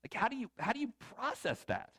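A man's voice: very high voice, wildly swooping pitch, a little fast, sharp tone, breathy edge. A man preaching a conversational sermon to a live congregation, retelling a story and asking the audience to raise their hands. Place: church or hall before a live congregation.

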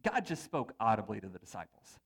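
A man preaching a sermon as pastor, conversational and animated, with playful asides. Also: on the low side, fairly quick, slightly rough.

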